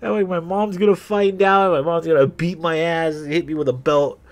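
Young man, slightly high-pitched, casual story over gameplay, loose, swears a lot. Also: steady tone, moderate pace. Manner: rambling, profane, laughing between sentences. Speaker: gaming channel host.

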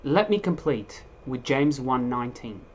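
A man preacher delivering a sermon in an emphatic, animated way, with frequent restarts. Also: medium pitch, measured pace, husky.

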